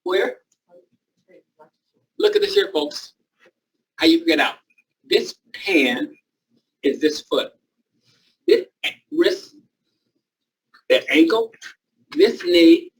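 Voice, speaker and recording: A man with a high, bouncy voice leads a live training class, pushing a volunteer with short repeated commands. He takes his time with each phrase in loose, informal wording. He sounds set back from the microphone in the room. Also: huge pitch swings, very slow, pauses often, distant mic, low-quality recording. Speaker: naturopath leading a training class. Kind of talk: live hands-on demonstration to a class.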